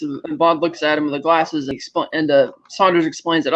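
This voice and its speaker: A man co-hosting a podcast, recapping a movie in casual chat and slipping into quick character voices. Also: fairly high pitch, flat delivery, fairly bright tone. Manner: retells scenes with quick offhand character voices. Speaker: podcast co-host. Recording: dull lo-fi audio.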